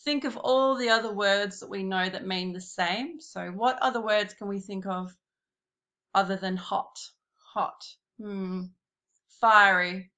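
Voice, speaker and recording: A woman giving a slow, patient classroom lesson, talking straight to her pupils. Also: mid-range voice, a bit bright. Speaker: primary school teacher.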